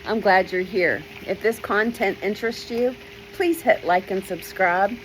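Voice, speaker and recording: A woman's voice: mid-range voice, slight background noise, rough recording. A woman, an author, telling a personal story from her childhood and acting out the voices she quotes. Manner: unhurried, starts many sentences with "well", acts out quoted voices.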